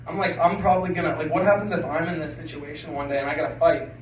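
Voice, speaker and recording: Brief: male comic, high voice, crude rambling stand-up, distant mic in an echoey basement room. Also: fairly even intonation, fast, a crowd in the background. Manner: crude, rambling, filler-heavy delivery. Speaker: stand-up comedian. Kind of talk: stand-up set. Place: small basement comedy room.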